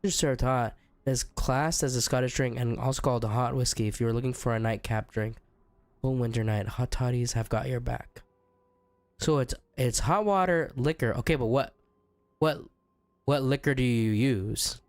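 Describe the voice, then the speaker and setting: A young man streaming a game who is sick and sounds rough. He chats casually, reads chat aloud and jokes with viewers. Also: medium pitch, normal speed, no room sound. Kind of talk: casual chat while gaming.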